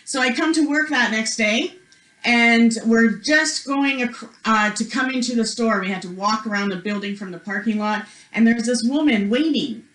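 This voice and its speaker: A woman's voice: fairly high pitch, moderate pace, a bit bright. A woman presenting a spiritual workshop, telling a personal story in a chatty way, full of "like" and "you know", acting out the voices of the people in it. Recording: echoey room.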